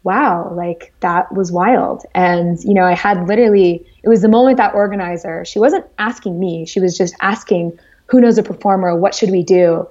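A woman speaking as an interview guest, telling stories in a lively, rambling way with lots of fillers. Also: on the low side, normal speed, muffled recording. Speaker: guest entrepreneur. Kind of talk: casual storytelling interview.

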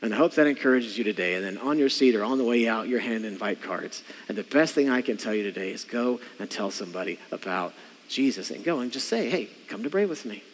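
A man's voice: lowish voice, quick pace, in a large hall, a little hiss or hum. A man preaching a sermon as pastor, emphatic and leading the congregation in call-and-response. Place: church sanctuary.

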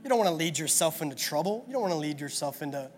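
A man's voice: a little high, lively intonation, rapid-fire, faint music behind. Earnest man preaching a sermon. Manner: earnest, repetitive preaching with rhetorical questions. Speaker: pastor.

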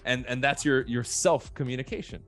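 A man's voice: mid-range voice, fairly quick, soft background music. Blunt, profane man chatting on a podcast. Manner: blunt, profane, animated storytelling. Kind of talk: casual podcast chat.

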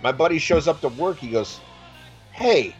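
A man's voice: fairly high pitch, a little fast, highs cut off, faint music behind. A man in casual podcast chat, telling a profane story, laughing and stammering as he goes.

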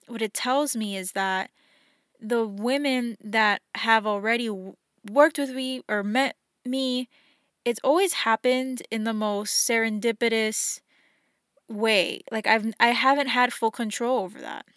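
Earnest young woman, slightly high voice. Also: steady tone, a little slow, fairly bright tone, no echo, studio quality. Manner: earnest and encouraging, acts out her inner voices. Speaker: podcast host. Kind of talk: reflective solo podcast talk.

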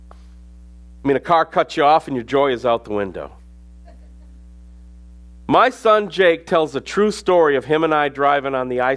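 A middle-aged man preaching a sermon as pastor, reading scripture aloud and rising to sudden emphasis. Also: mid-range voice.

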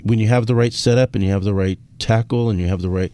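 A man's voice: lowish voice, fast talker, dark tone, no room sound. A man co-hosting a fishing talk show, speaking in an easygoing, casual way. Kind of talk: casual chat.

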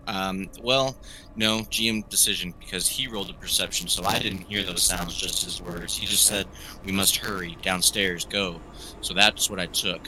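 A man's voice: deep voice, steady tone, normal speed, pushed and bright, a little hiss or hum, low-quality recording. A man playing a tabletop role-playing game, casually explaining his reasoning at length. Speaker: player.

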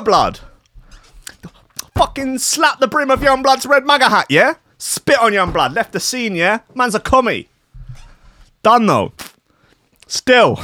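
A man's voice: very high voice, bright, forceful tone, no echo, pitched above the performer's own voice, exaggerated voice. A man putting on a brash guy. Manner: taunting, keeps tagging lines with "yeah?". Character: young male street-slang tough guy, brash.

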